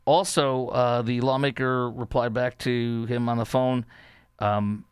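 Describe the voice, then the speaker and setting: A man hosting a political talk show, giving opinionated commentary in a sarcastic, mocking way, halting often with fillers. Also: medium pitch, flat delivery, clear, resonant tone, dry recording, studio quality.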